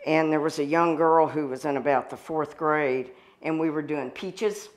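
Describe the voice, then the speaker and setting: With a deep voice at normal speed, a Southern-accented woman chef leads a folksy, chatty cooking demonstration, calling people y'all and sister.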